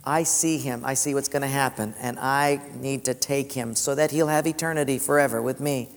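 A man voicing God as a loving, all-knowing father who speaks softly and reassuringly. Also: steady tone, moderate pace, close to an everyday voice. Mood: tender. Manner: soft, low, reassuring. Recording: long hall reverb.

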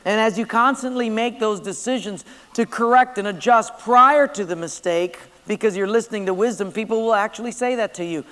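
A man's voice: high voice, fairly quick, hardly any pauses, a bit bright, clean tone. A man preaching a sermon, telling stories and driving his points home emphatically. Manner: storytelling, emphatic. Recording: long hall reverb.

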